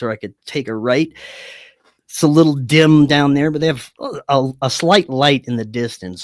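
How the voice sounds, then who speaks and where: A man, a podcast guest, telling a personal story in a lively, casual way, swearing freely and often restarting his sentences. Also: mid-range voice, no room sound, clean studio sound. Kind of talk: conversational storytelling.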